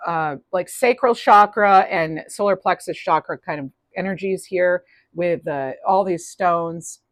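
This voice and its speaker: A woman's voice: lowish voice, measured pace, no room sound. Upbeat woman reading tarot, dry close sound. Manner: chatty, upbeat, frequent restarts and fillers. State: clearing throat, losing voice. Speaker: tarot reader. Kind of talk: casual spoken tarot reading.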